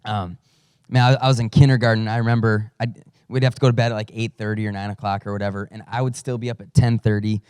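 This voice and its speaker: A man's voice: lowish voice, little pitch movement, quick pace, a little mellow, clean tone, dry recording. A man who is a father, a pastor giving a conversational sermon with storytelling and self-deprecating humor. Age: adult father.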